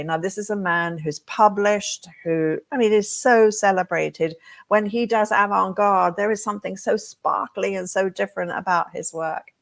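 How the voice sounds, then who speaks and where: Woman telling an animated story. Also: medium pitch, normal speed. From England. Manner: animated storyteller who acts out her own thoughts. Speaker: hair design educator. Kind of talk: motivational storytelling talk.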